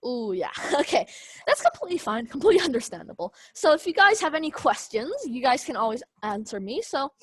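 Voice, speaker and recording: A young woman leads a youth speech class on a video call, her voice a bit high and dry, close to the mic. She hedges constantly with fillers and little laughs as she explains things. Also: very animated, brisk, fairly bright tone, slightly rough, no echo. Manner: hesitant, many ums and kind-ofs, laughs often. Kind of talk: online class teaching.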